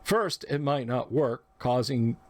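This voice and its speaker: A man voicing an excited dwarf player at a tabletop game, loud and eager. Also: mid-range voice, takes it slowly. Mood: explaining.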